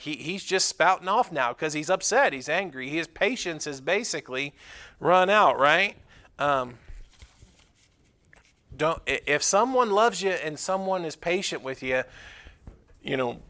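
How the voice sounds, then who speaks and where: A man's voice: a little high, bright, forceful tone. A man preaching a sermon, talking it through casually with fillers and tag questions like "right?". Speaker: pastor.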